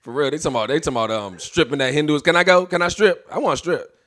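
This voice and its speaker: Brash, bright-voiced male stand-up comic. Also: fairly high pitch, expressive, rapid-fire. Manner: brash, swearing, acts out voices in stories. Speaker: stand-up comedian. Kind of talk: stand-up comedy set.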